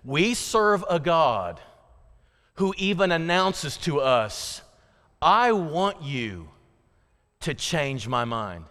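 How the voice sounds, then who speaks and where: Man, pastor, sermon, high voice, dramatic, echoing hall. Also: very animated, extremely slow, pauses often. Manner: dramatic, swings between loud pleading and hushed emphasis.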